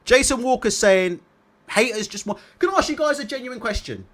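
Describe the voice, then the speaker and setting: A man hosting a casual livestream, reading viewer comments aloud and chatting about them in an animated way. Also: very high voice, a little fast. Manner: animated, repeats tag questions. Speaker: boxing livestream host.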